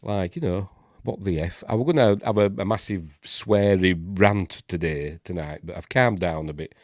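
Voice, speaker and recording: A man's voice: deep voice, normal speed, no room sound, clean studio sound. A man with a Yorkshire accent hosting a casual live stream, congested and snuffly, chatting and grumbling with lots of fillers and asides. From Yorkshire, England. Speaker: host of a live news stream.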